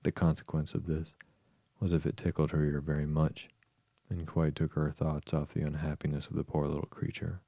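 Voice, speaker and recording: A man narrating an audiobook in a measured, even way. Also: a bass voice, creaky, no room sound.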